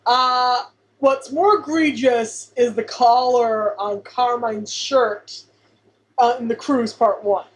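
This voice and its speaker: A woman co-hosting a podcast in casual chat, quick to agree and laugh, with playful commentary. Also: a little high, steady tone, poor audio. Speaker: podcast co-host. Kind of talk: casual chat reviewing a sitcom episode.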